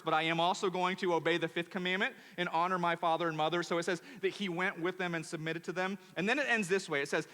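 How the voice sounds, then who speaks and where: A male pastor preaching a sermon in a church, animated and emphatic, often repeating words. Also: sits high. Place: church auditorium. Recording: long church hall reverb.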